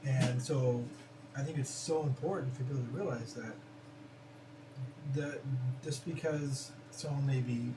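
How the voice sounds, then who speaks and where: A man's voice: mid-range voice, steady tone, measured pace, long pauses. Earnest man heard from across a noisy room. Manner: earnest, thoughtful, restarts often. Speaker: host. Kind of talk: casual podcast conversation. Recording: roomy, distant mic with noise.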